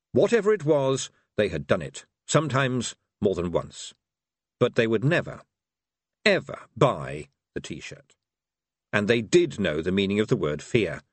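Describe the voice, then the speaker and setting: Expressive male audiobook narrator, dry sound. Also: medium pitch, unhurried, no room sound. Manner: wry and expressive. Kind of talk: scripted narration.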